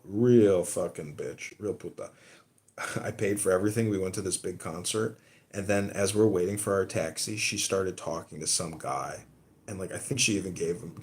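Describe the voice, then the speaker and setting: A man's voice: low voice, moderate pace. A man hosting a podcast in a casual, meandering monologue, cursing freely and leaning on fillers like "you know" and "like". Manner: profane, meandering storytelling with frequent fillers. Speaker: podcast host.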